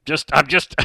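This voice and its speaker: A man's voice: very high-pitched, pushed and bright, slight background noise, poor audio. A man hosting a casual sports talk radio show from a studio, chatting and reading out listener messages.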